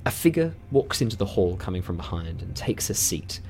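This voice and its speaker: Low-voiced, animated game master man. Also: brisk. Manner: animated, self-deprecating, laughs often. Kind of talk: narrating a tabletop game.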